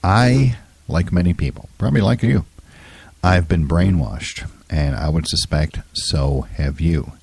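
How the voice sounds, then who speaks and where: A man in his fifties with a hoarse, scratchy throat talks with a very deep, husky voice. He hosts a solo talk show in an opinionated, rambling way, full of ums and uhs. The recording is dry and close. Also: a little slow, a little mellow, no room sound. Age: 50s. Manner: opinionated, rambling with many fillers. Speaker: podcast host.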